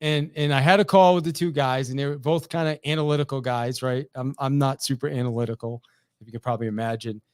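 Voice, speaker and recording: A middle-aged man, a sales trainer, talking to camera in an energetic, chatty way, often repeating words and tossing in "right?" as he goes. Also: mid-range voice, fast, clean tone, no room sound, clean studio sound.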